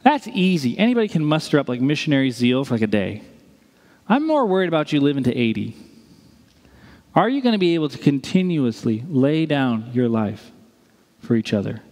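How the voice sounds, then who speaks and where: A male pastor preaching a sermon in a lively way, with joking asides and acted-out quotes. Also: medium pitch, fairly quick. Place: church sanctuary. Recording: long reverb of a large church hall.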